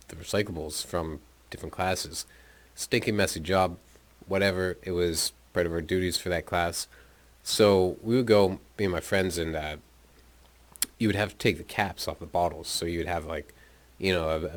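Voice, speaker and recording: A young man casually telling a rambling, profane story about his school days, often laughing as he talks. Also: low-pitched. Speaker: podcast host telling his life story.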